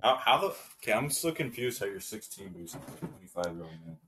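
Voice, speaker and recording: A man's voice: mid-range voice, very animated, quick pace, creaky, background noise. A man co-hosting a casual chat, joking and reading headlines aloud.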